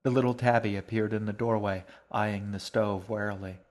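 A man with a fairly low voice reads a children's storybook aloud in a calm, even way. His narration is steady and unhurried, the tone of someone reading a chapter at bedtime.

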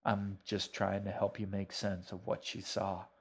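A man reading a story aloud, voicing a polite middle-aged stranger who speaks gently and a bit formally. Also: lowish voice, steady tone. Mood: calm. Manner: measured, mildly formal.

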